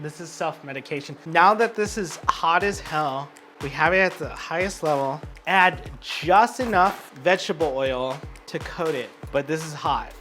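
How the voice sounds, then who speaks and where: A tipsy man chats his way through a home cooking show, cracking jokes and swearing freely as he goes. Soft music and the sizzle of a frying pan sit faintly behind him. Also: fairly high pitch. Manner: rambling, joking and swearing freely. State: drunk. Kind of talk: casual cooking chat. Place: home kitchen.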